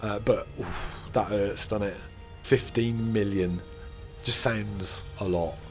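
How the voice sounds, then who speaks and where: A middle-aged man hosting a gaming channel plays a space game, speaking a little slowly in a low voice with fairly even intonation. He rambles, mocks himself and chuckles quietly, with faint music in the background.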